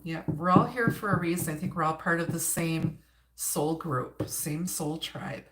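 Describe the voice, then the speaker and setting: A woman's voice: low-pitched, unhurried, fairly bright tone, a little hiss or hum. A woman with an Upper Midwest accent giving a chatty live-stream tarot reading, greeting viewers and laughing between cards. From Wisconsin, United States. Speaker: tarot reader. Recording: roomy echo.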